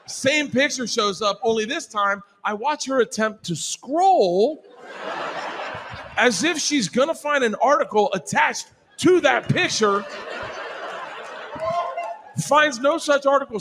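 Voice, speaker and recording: A male comedian telling a story on stage, laughing through it and building to shouts. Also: extremely high pitch, expressive, slow pace, long pauses, background noise. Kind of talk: stand-up storytelling.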